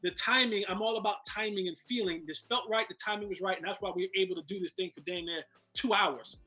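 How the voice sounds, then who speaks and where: A man's voice: high voice, fast, bright, forceful tone. A man, a former football player, telling a long story as a guest in casual chat, restarting and repeating words as he goes.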